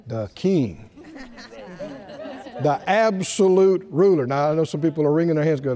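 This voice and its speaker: Male preacher, high and lively voice, playful storyteller, long hall reverb. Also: moderate pace, pauses often, crowd noise. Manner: animated storytelling, laughing at his own jokes, acting out quoted voices. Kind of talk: sermon.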